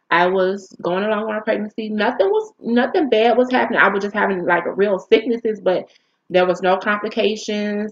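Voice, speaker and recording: A woman vlogger telling a painful personal story in an emotional, halting, candid way. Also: medium pitch, lo-fi sound.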